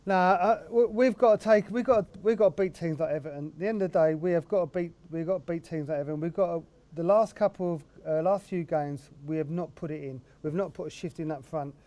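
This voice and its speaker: A British man speaks as a fan in a side studio, circling his point with repeats and restarts. His voice is fairly high and mellow. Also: fast talker, hardly any pauses. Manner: hesitant, repeats himself. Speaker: football fan guest.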